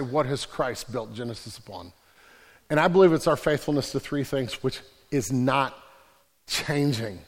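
A man preaching a sermon as pastor, casual and joking, then building to emphatic declarations. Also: medium pitch. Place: large church hall. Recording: reverberant church hall.

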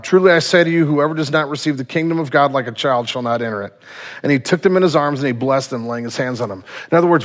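A man in his thirties preaching a sermon, lively and conversational, acting out the people in his stories. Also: a little high. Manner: animated storytelling, acting out quotes. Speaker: pastor.

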